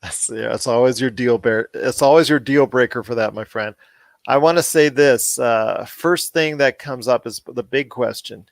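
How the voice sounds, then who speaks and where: A man's voice: normal speed, vocal fry, no room sound. A man co-hosting a casual pop culture podcast, rambling and correcting himself, his voice rising when something puzzles him. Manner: rambling, self-correcting, gets heated and higher when puzzled. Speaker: podcast co-host.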